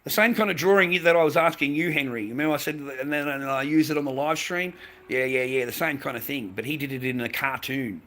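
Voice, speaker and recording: Australian man, mask maker, casual profane live-stream rant, bright tense tone. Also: mid-range voice, fairly quick. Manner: profane, rambling, laughs often. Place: at home.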